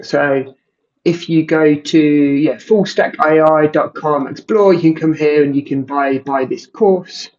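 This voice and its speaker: In a casual screen-recorded walkthrough, a tutorial presenter who calls himself a non-coder demos software in a relaxed, halting way, with many ums and restarted sentences. His voice is a little high for a man, and the muffled, slightly dull audio sounds like a basic desk mic.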